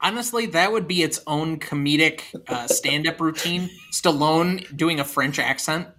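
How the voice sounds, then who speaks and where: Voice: mid-range voice, moderate pace, pushed and bright. A podcast co-host in a casual movie review chat, talking with a sarcastic, dismissive edge.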